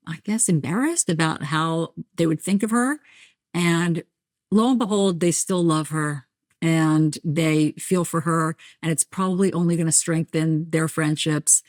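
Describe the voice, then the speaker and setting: A middle-aged woman from New Jersey with a light New Jersey accent, a journalist telling stories as a podcast guest, animated and self-deprecating. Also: sits low, a little slow, no echo, studio quality. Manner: animated storyteller, acts out voices, self-deprecating. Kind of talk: candid conversational interview.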